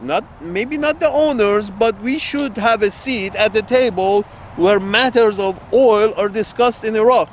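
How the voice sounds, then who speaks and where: A man talks in a slow, unhurried drawl, with a voice sitting a little high for a man. He rambles bluntly and crudely, circling back to repeat his points, with faint traffic noise behind him outdoors. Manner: blunt, crude, repeats himself, laughs at own jokes. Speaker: online commentator. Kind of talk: rambling political monologue.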